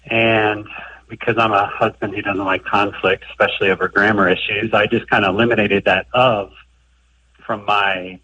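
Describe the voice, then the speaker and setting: A man's voice: lowish voice, little pitch movement, normal speed, bright, forceful tone, slightly rough. A man from Ohio with a Midwestern American accent, calling in to a radio show and explaining his question in a hesitant, conversational way. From Ohio, United States. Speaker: caller. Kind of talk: phone-in question. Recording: distant-sounding phone call.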